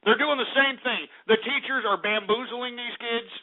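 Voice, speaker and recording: A man's voice: very high-pitched, normal speed. A man from Texas hosting call-in talk radio, brash, mocking and profane. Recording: tinny phone-like line.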